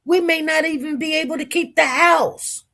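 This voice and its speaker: A woman in her forties on the witness stand, telling her personal story in animated, colloquial speech. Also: high-pitched, moderate pace. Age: 40s. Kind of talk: emotional personal testimony.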